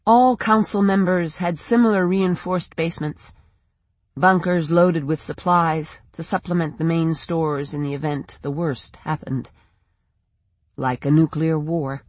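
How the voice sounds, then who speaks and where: Dry, steady audiobook narrator. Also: medium pitch, no echo. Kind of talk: first-person scripted narration.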